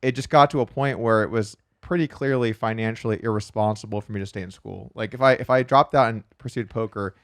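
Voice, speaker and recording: Fast-talking man, chatty storyteller. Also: fairly low pitch, dry recording, clean studio sound. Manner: quick, chatty storyteller with frequent restarts and "like"; acts out quoted voices in his anecdotes. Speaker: podcast guest, professional poker player. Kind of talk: casual storytelling interview.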